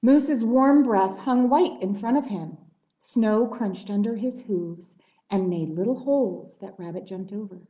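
A woman librarian reading a picture book aloud at a library story time, with gentle, expressive storytelling. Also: mid-range voice, a little slow. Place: public library room. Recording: roomy echoey room.

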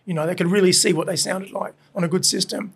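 A middle-aged Australian man with a high, gravelly voice that carries a lot of fry, telling stories in loose, colourful, animated fashion. He laughs and swears through his anecdotes. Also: fast. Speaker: podcast guest, burger restaurant owner. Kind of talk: casual storytelling chat. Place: his burger restaurant.

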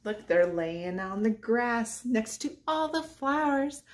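A woman from a church reading a rhyming picture book aloud to children in a gentle sing-song voice, going soft near the end. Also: a little high, lively intonation, takes it slowly, few pauses.

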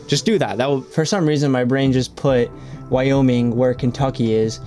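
A man's voice: medium pitch, moderate pace, mellow, faint music behind. A man hosting a reaction video, rambling in casual commentary, swearing often and filling his talk with "like".

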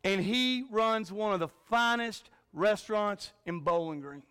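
A man preaching a revival sermon in a church, telling folksy stories and swinging from shouts to a hushed voice. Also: high-pitched, measured pace, clear, resonant tone. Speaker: pastor. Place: church sanctuary.

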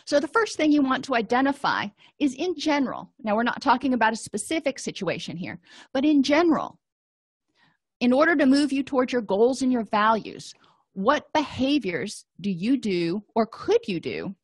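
A middle-aged woman counselor giving a calm, explanatory lecture and walking listeners through exercises. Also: a little high, normal speed, breathy edge, dry recording, studio quality. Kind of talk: recorded lecture.

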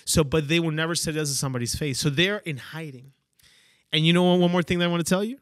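A man with a slightly raised pitch delivers a motivational talk as a podcast host. He leans into key phrases and keeps checking in with his listeners. The recording is dry and close, with no room around the voice. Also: fast, a bit bright, no echo. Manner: emphatic, repeats "okay?" and "right?" for emphasis. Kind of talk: motivational monologue.

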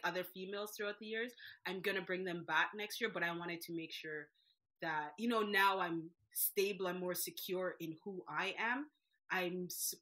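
A woman in her thirties from Jamaica, a business owner talking as a guest in a casual interview, lively and laughing often. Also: lowish voice.

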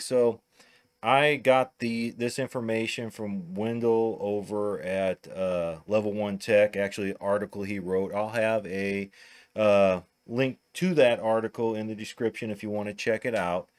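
Midwestern guy narrating a tech tutorial, kinda low voice, thinks out loud as he goes. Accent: Midwestern American. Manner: casual, thinking aloud, talks through each step. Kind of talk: narrated screen-recording tutorial.

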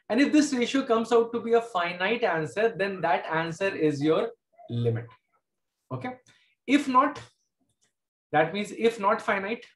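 Casting: Indian English male math teacher, high voice, patient step-by-step delivery. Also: reverberant. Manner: explains step by step, repeats key points. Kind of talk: classroom lecture.

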